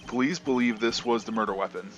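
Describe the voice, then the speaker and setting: A man doing a flat TV news anchor. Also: mid-range voice, fast, lo-fi sound, slight background noise, natural voice. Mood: formal.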